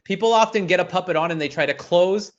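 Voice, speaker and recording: A young man with a fairly high voice leads a virtual puppetry workshop. He talks in an animated way and drops into quick puppet voices to demonstrate. The audio is a little dull and lo-fi, as on a video call.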